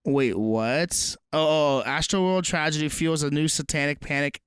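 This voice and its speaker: A man's voice: a little high, normal speed, few pauses, smooth, dry recording. A young man co-hosting a casual comedy podcast, swearing often and reading headlines aloud. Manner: profane, animated, reads headlines aloud. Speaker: podcast co-host.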